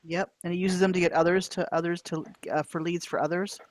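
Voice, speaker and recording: A woman's voice: on the low side, flat delivery, a little fast, a little hiss or hum. Woman, co-host, chatty and casual, laughs along easily. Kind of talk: casual chat.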